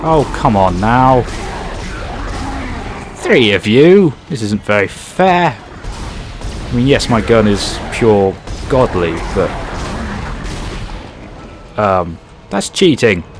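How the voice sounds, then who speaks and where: A man doing excitable, jokey let's play commentary over a horror game, swearing often. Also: on the low side, extremely slow, long pauses, music in the background. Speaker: gaming commentator.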